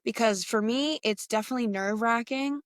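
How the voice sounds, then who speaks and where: A young adult woman hosting her own podcast, talking bluntly and casually in a slangy, animated way. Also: fairly high pitch, fairly quick, dry recording, studio quality. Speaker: podcast host. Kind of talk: casual solo podcast monologue.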